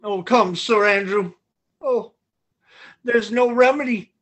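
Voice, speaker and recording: A man's voice: high-pitched, slow, a bit bright, exaggerated voice. A man reading a boisterous, scheming knight in a Zoom play reading, with a blustering, persuasive delivery. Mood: bold. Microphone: video call.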